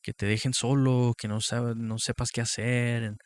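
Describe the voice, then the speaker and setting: Man doing his grumbling, self-pitying dad, low and muttered, dry sound. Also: flat delivery, a little fast, dry recording, close to an everyday voice. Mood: whiny. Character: whiny self-pitying older father, complaining.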